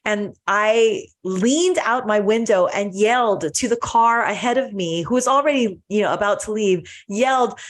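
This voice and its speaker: A woman co-hosting a podcast and a doctor, telling a story in an earnest, chatty way with many fillers and restarts. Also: mid-range voice. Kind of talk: casual podcast chat.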